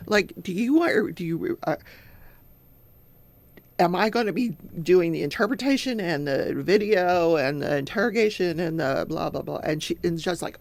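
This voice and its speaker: At a moderate pace, an older woman's low, gravelly voice carries her crafting talk show as she walks through a trial. She tells it in a chatty way, performing the quoted lines herself.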